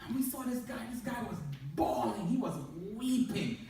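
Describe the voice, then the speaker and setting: A woman counselor tells jokey stories to an audience in a fairly high voice. She is picked up from well off the mic in a very echoey hall, with a faint noise underneath. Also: normal speed, warm tone, far from the mic. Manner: jokey anecdotal storytelling. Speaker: counselor giving a talk. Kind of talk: humorous talk to an audience.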